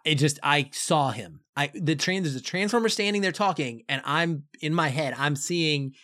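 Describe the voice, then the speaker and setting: A man's voice: on the high side, expressive, normal speed, bright, forceful tone, no room sound, clean studio sound. A man co-hosting a podcast, chatting casually and enthusiastically about a movie in a rambling way. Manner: enthusiastic, rambling, lots of fillers. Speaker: podcast co-host. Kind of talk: casual movie review chat.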